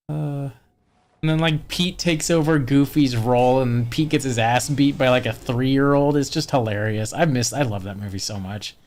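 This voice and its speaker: A video game streamer giving casual gameplay commentary, animated, laughing often and swearing casually. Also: medium pitch, unhurried.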